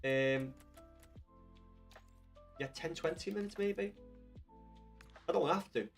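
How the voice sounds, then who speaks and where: A young man chatting casually to viewers while streaming a football video game, rambling and swearing with excited bursts. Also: fairly high pitch, slow, gravelly, soft background music. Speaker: gaming livestreamer. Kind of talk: casual livestream chat with viewers.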